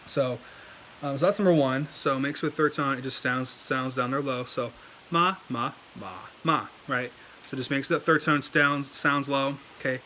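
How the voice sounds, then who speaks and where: Man, casual language lesson, rambling, fillers, mid pitch, faint hiss. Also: pushed and bright. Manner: rambling, lots of fillers and restarts. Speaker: language learning video host. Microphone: desk setup, moves around in his chair.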